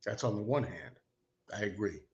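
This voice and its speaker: A man's voice: fairly low pitch, expressive, moderate pace, dull audio. A man hosting a casual livestream, rambling and self-deprecating, talking as an enthusiastic fan. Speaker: host.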